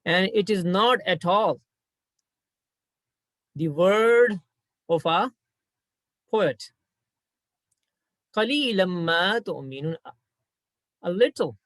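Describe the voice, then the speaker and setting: A man teaching an Arabic grammar lesson patiently, repeating his points and reciting verses quickly. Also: high-pitched, fairly bright tone, no room sound.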